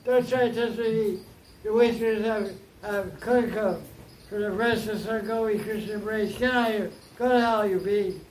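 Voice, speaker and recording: A man putting on a lovesick young woman's voice scolds a bee messenger. The voice sits high and moves slowly, full of scorn and teasing. A roomy echo hangs around it. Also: fairly even intonation, a little hiss or hum. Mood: scornful. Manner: mocking, scornful.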